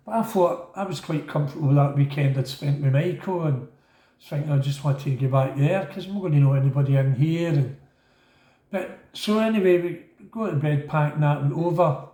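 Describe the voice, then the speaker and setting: A man's voice: on the high side, fairly quick. A middle-aged man with a Glaswegian accent telling a casual, rambling story and acting out the voices of other people. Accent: Scottish, Glaswegian. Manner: rambling, animated, acts out quoted voices. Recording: echoey room.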